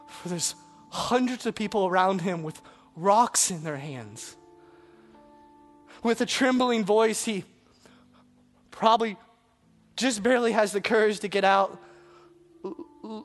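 Dramatic preacher over faint music. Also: mid-range voice. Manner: dramatic, wide swings between shouting and hushed asides. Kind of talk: sermon.

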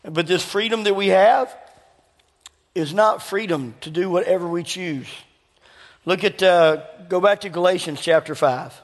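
A man preaching a sermon, telling a personal story in an animated way and acting out both sides of each conversation. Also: high-pitched, unhurried. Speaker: pastor. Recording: long hall reverb.

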